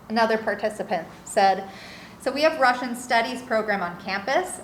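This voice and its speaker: A woman presenting research findings in an academic lecture, earnestly reading participants' quotes aloud. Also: fairly high pitch. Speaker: guest speaker presenting research. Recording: echoey room with faint background noise.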